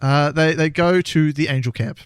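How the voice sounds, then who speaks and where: A man co-hosting a comedy podcast, retelling a story with teasing, quick banter. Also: on the high side, clean tone, no echo, studio quality. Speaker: podcast co-host.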